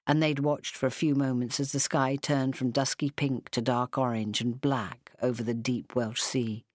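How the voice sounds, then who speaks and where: A woman narrating a story with gentle, expressive storytelling. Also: rumbling low, a little slow, dry recording, studio quality. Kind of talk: storybook reading.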